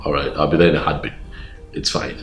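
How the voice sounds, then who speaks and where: An actor playing a smitten young prince, pleading and persuasive, with a Nigerian accent. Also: male voice, a bass voice, flat delivery, fast talker. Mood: urgent. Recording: roomy echo, faint background music.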